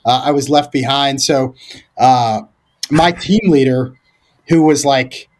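A man's voice: medium pitch, slow. A man, a former Marine, talking as a podcast guest in a loose, rambling way, full of fillers, restarts and casual swearing. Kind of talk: casual storytelling conversation.

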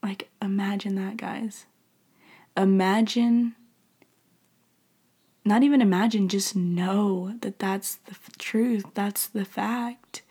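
Young woman, casual heartfelt faith talk, gravelly fry, emotional and whispery at times. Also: medium pitch, fairly even intonation, slow pace, pauses often, dark tone. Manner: emotional, drops to whispers, many "like" fillers. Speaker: faith speaker.

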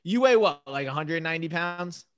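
Man, podcast co-host, argumentative, casual, higher voice. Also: lively intonation, normal speed, clean tone. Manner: argumentative, insistent. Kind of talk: casual chat.

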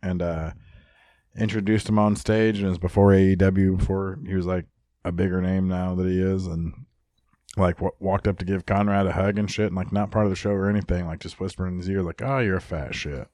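A man with a somewhat low voice argues his points bluntly and with lots of swearing. The sound is dry and close, a casual podcast conversation. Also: level tone, a little fast, dark tone, dry recording. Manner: blunt, profane, argumentative. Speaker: podcast co-host. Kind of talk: casual wrestling chat.

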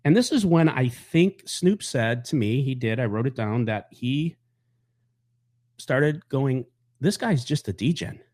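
A man's voice: medium pitch, lively intonation, slow, a little mellow. Blunt, foul-mouthed man ranting. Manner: blunt, angry, heavy swearing; rambling storytelling. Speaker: podcast host. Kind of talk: casual monologue.

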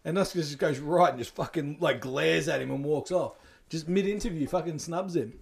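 A man with a fairly high voice, telling an anecdote with animated energy. He swears casually and acts out the bits he is describing, in relaxed banter. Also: brisk, vocal fry. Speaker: podcast co-host.

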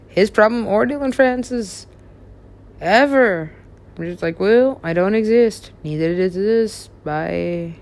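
A woman in a drifting, confessional monologue, halting and restarting, who drops into soft whispers and then rises into louder bursts. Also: vocal fry. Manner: drifting, halting, swings between low mumbles and sudden louder bursts.

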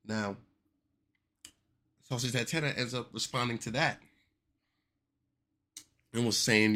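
A young man hosting a casual commentary podcast, animated and joking with exaggerated reactions. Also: mid-range voice, unhurried, long pauses. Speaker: podcast host.

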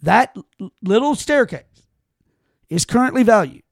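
A man co-hosting a casual podcast, reading an article aloud in a halting way with restarts and exclamations. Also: extremely high pitch, big pitch swings, creaky, dry recording, clean studio sound. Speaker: podcast co-host.

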